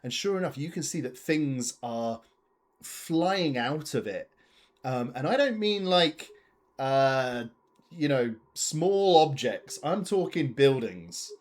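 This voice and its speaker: A man narrating as game master of a tabletop game, unhurried, with many fillers. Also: mid-range voice, very animated.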